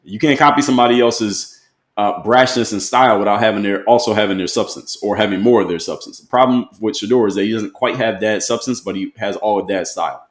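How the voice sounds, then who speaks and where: A man's voice: lowish voice, fast, echoey room. A man, giving blunt, emphatic commentary to camera and repeating his key points. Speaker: motivational commentator.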